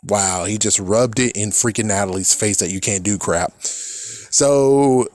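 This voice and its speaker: A man recapping a cartoon episode in casual talk, swearing often, with exasperated loud outbursts and quick laughs. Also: lowish voice. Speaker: reaction commentator.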